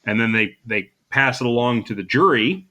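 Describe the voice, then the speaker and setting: Male podcast co-host, bright clear tone, chatty recap style full of ums and uhs. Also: medium pitch, animated, moderate pace. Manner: chatty, recapping with frequent fillers and laughs. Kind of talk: casual chat.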